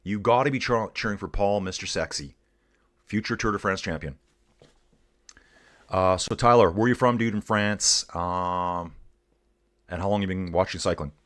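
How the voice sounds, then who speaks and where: Speaking at normal speed with a low-sitting voice and frequent pauses, a middle-aged man from Canada hosts a live cycling stream. He comments on the race while chatting excitedly and casually with his viewers.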